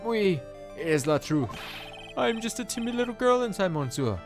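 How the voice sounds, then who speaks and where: Brief: man doing an evasive French chef, overblown mock accent, loud with game music. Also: high-pitched, big pitch swings, normal speed, voice pushed up. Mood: coy. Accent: put-on French accent. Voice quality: exaggerated French drawl. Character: flamboyant French male chef, theatrical and evasive.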